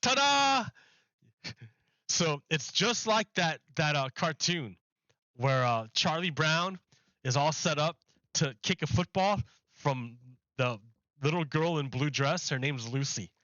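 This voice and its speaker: A man's voice: on the high side, lively intonation, takes it slowly, pauses often, sharp tone, no room sound, dull audio. Sardonic man ranting on a stream. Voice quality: sardonic, laughs often. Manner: rambling, mocking political rant. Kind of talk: casual live-stream chat.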